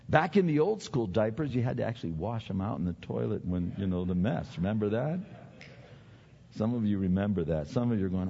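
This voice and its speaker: An older male pastor preaches a sermon in a lowish, darkish, slightly rough voice with lively intonation and moderate pace. He's chatty and self-deprecating, often repeating his words, and the recording is dull with long hall reverb.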